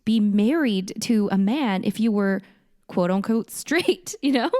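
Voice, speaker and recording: A woman's voice: mid-range voice, lively intonation, darkish tone. Thoughtful woman podcast co-host. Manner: thoughtful, measured, hedging. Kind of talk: casual chat.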